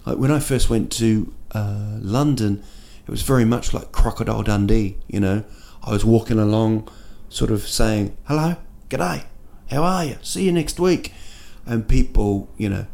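A man's voice: fairly low pitch, vocal fry, dark tone. A man hosting a casual solo podcast, rambling and joking with lots of fillers and restarts, recorded indoors at night. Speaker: podcast host. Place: indoor room at night in a city.

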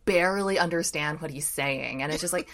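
A woman's voice: low-pitched, a little fast, fairly bright tone, a little hiss or hum. A woman hosting a podcast, chatting casually with a blunt, sarcastic manner. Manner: blunt, sarcastic, acts out quoted lines. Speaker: podcast host. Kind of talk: casual chat.

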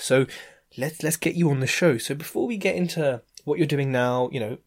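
Chatty male podcast host. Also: mid-range voice. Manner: chatty, jokey, quick asides. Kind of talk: casual podcast interview.

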